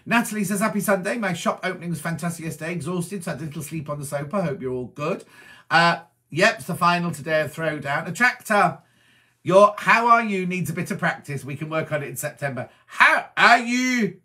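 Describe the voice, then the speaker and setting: A middle-aged man from Wiltshire in England, chatting as a presenter as he reads out viewer messages and answers each one with quick asides. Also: fairly high pitch, bright, forceful tone. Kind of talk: casual chat reading viewer comments.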